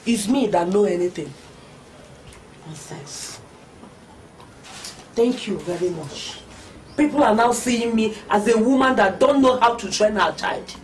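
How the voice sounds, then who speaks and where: A woman's voice: lowish voice, lively intonation, normal speed, few pauses, mellow, slight background noise, close to an everyday voice. An actress with a Nigerian accent playing a stern middle-aged mother who lectures her grown daughter. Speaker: film actress. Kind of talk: Nollywood film acting.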